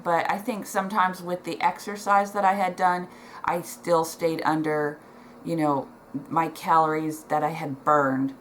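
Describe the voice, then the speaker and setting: A middle-aged woman with a low, fairly bright voice talks emotionally to the camera in a home vlog, checking notes placed below it. She hesitates with many ums and restarts. The low-quality recording has slight background noise.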